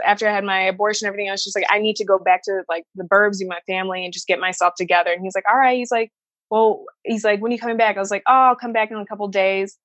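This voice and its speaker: A woman's voice: medium pitch, a bit bright, no echo, highs cut off. A woman from the Chicago suburbs telling a personal story to an interviewer, candid and emotional, swearing freely and acting out the voices of people she quotes. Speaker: interview guest.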